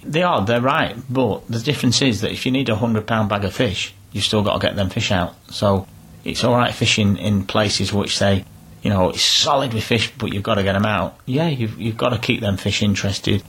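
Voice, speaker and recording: A man's voice: lowish voice, steady tone, normal speed, few pauses, a bit bright, husky. A middle-aged man talking casually in an interview, telling down-to-earth stories with frequent restarts. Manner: chatty, down-to-earth, rambling with restarts. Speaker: interviewee, angler.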